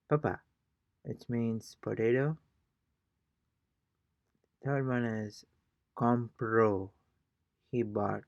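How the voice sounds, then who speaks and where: Man, language lesson, hesitant, lots of fillers, low voice, dry close sound. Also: vocal fry, a little mellow, no room sound. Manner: hesitant, thinking aloud with many fillers. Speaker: self-taught Spanish learner teaching a lesson.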